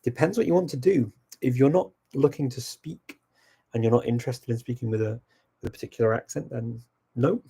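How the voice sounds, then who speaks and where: A man's voice: mid-range voice, a little fast, creaky, dark tone, slightly rough. A middle-aged man hosting a language-learning channel, casually answering viewer questions and thinking aloud as he goes.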